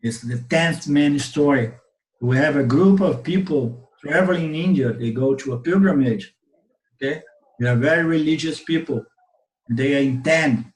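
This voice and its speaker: A Brazilian man, native in Portuguese, tells a teaching story in an online Vedanta class, often pausing to ask "okay?". His voice is fairly high and moderately paced, and the webinar audio sounds roomy.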